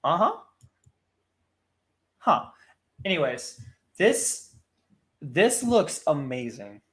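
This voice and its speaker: A man co-hosting a casual react chat, excited and halting, with lots of fillers. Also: a little high. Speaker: co-host.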